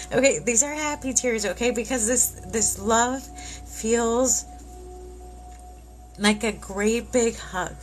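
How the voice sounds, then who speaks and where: A woman doing a live tarot reading who speaks warmly and reassuringly and keeps tearing up. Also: a little high, slow, pauses often, faint music behind. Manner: emotional, tearful, reassuring. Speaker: tarot reader.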